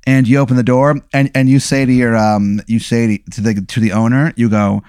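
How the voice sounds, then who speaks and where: A man's voice: mid-range voice, level tone, a little fast, darkish tone, clean tone, dry recording, studio quality. A man hosting a podcast, improvising a comic story in a rambling way, full of fillers. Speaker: podcast host.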